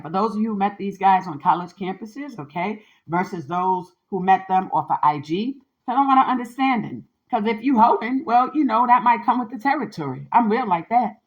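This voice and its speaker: A woman's voice: medium pitch, highs cut off. A woman hosting a podcast in a candid, casual monologue. She talks emphatically and with sass, keeps tagging her points with "okay?" and uses a lot of slang. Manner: slangy and sassy. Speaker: podcast host.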